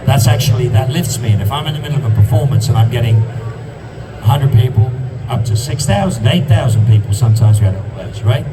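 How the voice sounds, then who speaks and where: A man's voice: mid-range voice, animated, brisk, recorded from a distance, heavy background noise. A man giving an impassioned guest talk on a convention stage, stacking up emphatic repeated phrases. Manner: passionate, emphatic repetitions.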